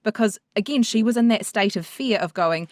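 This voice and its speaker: A woman accent coach on a podcast, telling a story in lively fashion and acting out both sides of the conversation. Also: medium pitch, fairly quick, dry recording, clean studio sound. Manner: animated storyteller who acts out both sides of a dialogue. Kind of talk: casual podcast chat.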